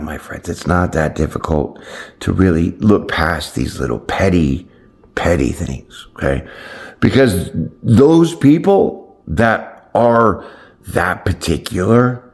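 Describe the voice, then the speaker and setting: A man with a low, deep voice gives a casual motivational chat straight to his viewers. His talk is loose and slangy with the odd cheerful curse word. He keeps tossing in "right?" and calls his audience "my friends.". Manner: loose, slangy and upbeat, with playful swearing. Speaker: tarot channel host.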